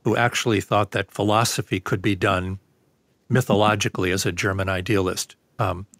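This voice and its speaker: A man being interviewed as a guest professor, explaining in a measured, lecturing way with frequent fillers. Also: fairly low pitch, steady tone, fairly bright tone, dry recording. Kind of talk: conversational interview.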